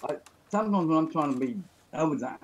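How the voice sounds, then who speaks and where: A man's voice: a little high, animated, quick pace, low-quality recording. A man on a video call, chatting casually and joking his way through rambling stories. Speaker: guest.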